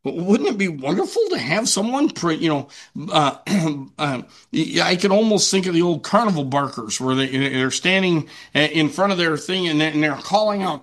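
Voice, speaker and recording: A man with a high voice preaches a sermon to his congregation. He talks conversationally, restarts his sentences often, and acts out quoted voices as he explains the passage. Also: animated, normal speed, hardly any pauses, fairly bright tone.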